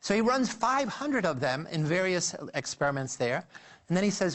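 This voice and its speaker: Animated male psychology lecturer. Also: sits high, normal speed. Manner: animated storytelling, addresses listeners as "you"; frequent restarts and filler "uh".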